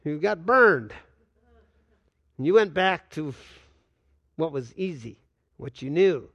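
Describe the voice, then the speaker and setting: An older man preaching a sermon as a pastor, swinging between loud and hushed delivery and acting out quoted dialogue. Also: on the high side, expressive, slow pace, no room sound, muffled recording. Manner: acts out dialogue with God in quoted voices.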